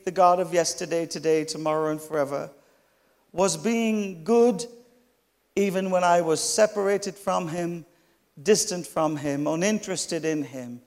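A middle-aged man preaching a storytelling sermon, with chatty, humorous asides to the congregation. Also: fairly high pitch. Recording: long hall reverb.

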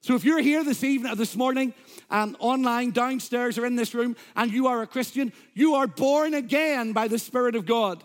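A man with a notably high voice preaches a sermon from the pulpit. He delivers it emphatically, quoting scripture and throwing in humor for the congregation. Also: moderate pace. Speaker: pastor. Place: church.

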